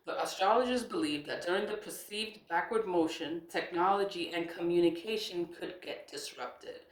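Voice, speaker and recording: A woman's voice: lowish voice, normal speed, echoey room. A woman chatting casually about spiritual topics, reading questions aloud and answering in a rambling way, repeating herself and laughing often. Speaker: spiritual vlogger. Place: indoor room at a laptop.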